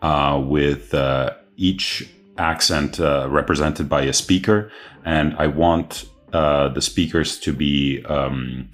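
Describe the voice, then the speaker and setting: A man's voice: very deep voice, steady tone, slow. A man casually instructing an AI assistant, with hesitant fillers. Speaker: user talking to AI.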